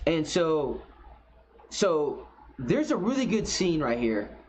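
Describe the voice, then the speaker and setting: A man's voice: a little high, very animated, slow, darkish tone. A man giving casual reaction commentary on a game trailer, blunt, profane and opinionated. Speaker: gaming commentator. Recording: slightly dull recording.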